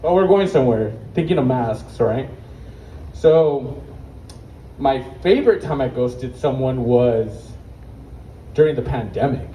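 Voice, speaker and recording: A man's voice: medium pitch, lively intonation, unhurried, pauses often, mellow. A young man telling brash, profane stand-up stories at an open mic, out of breath at times. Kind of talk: stand-up storytelling. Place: open mic stage at an outdoor market. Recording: distant echoey outdoor market recording with faint noise.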